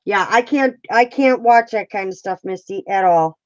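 A woman's voice: mid-range voice, moderate pace, no echo. A woman with a stuffy, congested nose chatting casually on a craft livestream, giggling and reading out viewer comments. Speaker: co-host. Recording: dull lo-fi online call audio.

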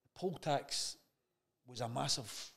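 A man's voice: mid-range voice, slow, creaky, a bit bright. A man with a Scottish accent, a chat show guest telling a story in casual conversation, swearing freely and acting out the dialogue he remembers.

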